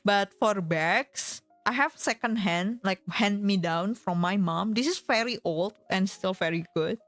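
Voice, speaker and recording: A woman's voice: medium pitch, measured pace, fairly bright tone, no echo, faint music behind. A woman streamer in casual chat, giggling often and filling her talk with fillers.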